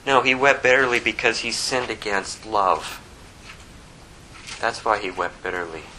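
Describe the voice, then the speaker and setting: A man preaching a sermon, reading scripture aloud with animated emphasis. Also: lowish voice, a little slow, slight background noise, poor audio. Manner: animated, quotes scripture in a rising voice, prays softly. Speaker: pastor.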